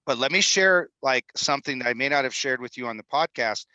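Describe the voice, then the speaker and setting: Upbeat fifty-something man, bright and dry. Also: medium pitch, quick pace, no room sound, low-quality recording. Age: 50s. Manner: energetic, salesman-like, rambling. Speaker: guest, film executive producer. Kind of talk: animated podcast interview talk. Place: studio in Utah.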